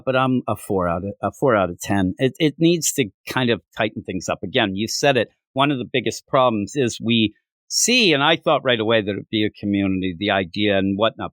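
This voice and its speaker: A man co-hosting a casual comic book podcast, his pitch swinging widely as he talks and acts out scenes. The sound is close and dry, with no room echo. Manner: animated, acts out dialogue with loud outbursts. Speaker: podcast co-host.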